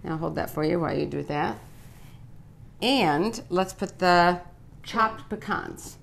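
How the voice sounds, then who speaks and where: A woman hosting a cooking show, chatting casually and gushing while she gently instructs her guest in a studio kitchen. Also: fairly low pitch, a little slow, gravelly.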